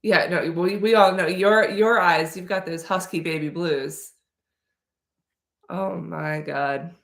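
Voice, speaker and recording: A woman's voice: on the low side, steady tone, takes it slowly, creaky, fairly bright tone, echoey room. A woman hosting a casual livestream Q&A, rambling and playful with lots of fillers and restarts. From Slavic heritage. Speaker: livestream host answering questions.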